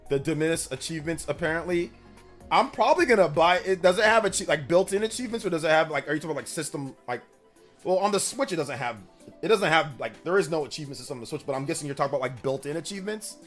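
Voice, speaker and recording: Rambling casual male streamer, slightly high. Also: animated, fast talker, soft background music. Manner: rambling, slangy, repeats himself. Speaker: streamer reading chat. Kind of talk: casual live-stream chat.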